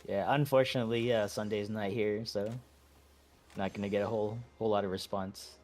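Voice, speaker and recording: A man leading a game raid over voice chat, talking in a relaxed, halting way with many fillers and restarts. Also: lowish voice. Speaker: raid leader.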